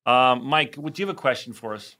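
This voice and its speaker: A man's voice: mid-range voice, fairly quick, pushed and bright. A man co-hosting a podcast, chatting casually with a caller, laughing often and restarting sentences. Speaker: podcast co-host. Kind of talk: casual chat.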